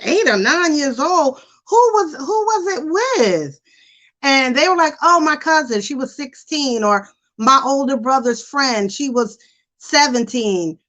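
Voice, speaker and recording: Slow-talking chatty woman host. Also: on the high side. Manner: chatty, animated, imitates voices for effect. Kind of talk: casual live-stream chat.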